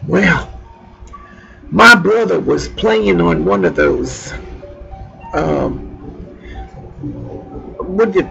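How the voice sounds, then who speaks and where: A woman from Louisiana tells a rambling personal anecdote aloud, laughing often and searching for words. Her mid-range voice is creaky and a bit bright, and the lo-fi recording has music behind it.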